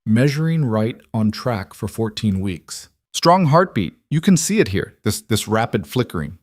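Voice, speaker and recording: A gentle, reassuring woman doctor, as a low-voiced man reads her part. She talks in a kind, steady way, and the recording is close and dry with no room sound. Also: normal speed, no echo. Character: calm, warm female doctor.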